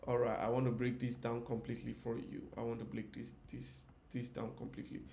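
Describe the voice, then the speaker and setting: A man of average pitch giving a casual live design lesson. He talks in a chatty, looping way, often repeating his phrases and speaking straight to viewers in the comments. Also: monotone, brisk, gravelly, warm tone, slight background noise. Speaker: UI designer teaching.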